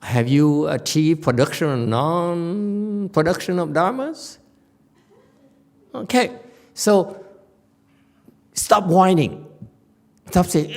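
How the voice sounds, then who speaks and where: A man's voice: sits high, lively intonation, takes it slowly, pauses often, darkish tone. A male Buddhist teacher giving a dharma lecture, blunt and teasing, often mimicking his students' complaining voices. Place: temple lecture hall.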